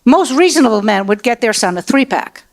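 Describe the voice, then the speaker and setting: A woman's voice: a little high, big pitch swings, a little fast. A woman doing profane stand-up comedy with crowd work on a comedy club stage. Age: 60s. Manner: brash, profane storytelling. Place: comedy club stage before a live audience.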